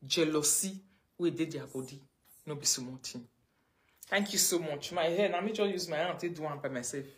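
A Nigerian woman ranting on a livestream, mocking and scolding, her voice swinging between loud outbursts and low mutters. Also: normal speed. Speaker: livestream host. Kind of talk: casual livestream rant.

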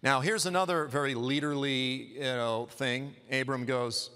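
A man's voice: medium pitch, steady tone, measured pace, few pauses, pushed and bright, clean tone. A man giving a sermon in a church, telling the story in a conversational, humorous way. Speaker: guest preacher. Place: church hall. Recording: long hall reverb.

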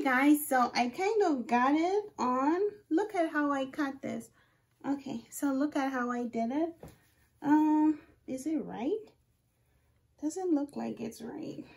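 Excitable high-voiced young woman vlogger. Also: slow pace, creaky, pauses often. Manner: excitable, exclaiming, narrating her own actions to viewers. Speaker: wig review vlogger. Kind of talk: casual self-talk while doing a wig install. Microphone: phone camera.

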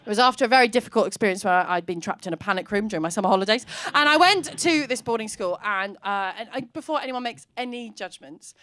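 On a comedy club stage, a young woman does stand-up, spinning a rambling, self-mocking story and jumping into high-pitched character voices. She talks fast with lively intonation, few pauses and a fairly bright tone.

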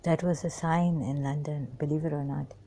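A woman recounting memories in a halting personal monologue, pausing often, apologizing and trailing off. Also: low-pitched, fairly even intonation, dark tone. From Pakistan. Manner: hesitant, many pauses and apologies, trails off.

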